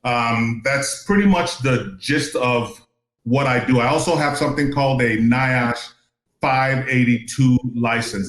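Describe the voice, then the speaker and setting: A man's voice: medium pitch, fairly bright tone, roomy sound, poor audio. A man who works as an asbestos inspector, chatting as a podcast guest in a jokey, rambling way. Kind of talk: casual podcast chat.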